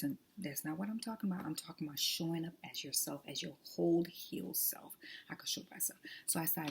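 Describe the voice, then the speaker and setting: A woman's voice: sits low, a little mellow, a little hiss or hum. A woman talking casually to her viewers in an emphatic, preachy way, often dropping to a whisper. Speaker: vlogger. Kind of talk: casual testimony chat.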